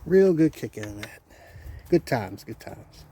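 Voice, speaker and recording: A middle-aged man with a dark, mellow voice tells a long story in a folksy way, rambling along and repeating phrases. He talks casually while he wrenches in his home garage. The sound comes from a camera mic, with faint noise in the background. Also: mid-range voice, big pitch swings, unhurried. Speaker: channel host working on an old three-wheeler.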